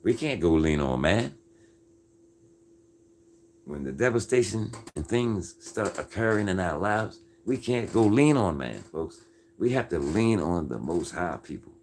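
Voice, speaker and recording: Reading viewer comments aloud, a man hosts a casual faith-based livestream in a low, slightly mellow voice with lively intonation at a measured pace. He comes across as earnest and folksy, with preacher-like insistence, constantly addressing his audience as "folks" and "man."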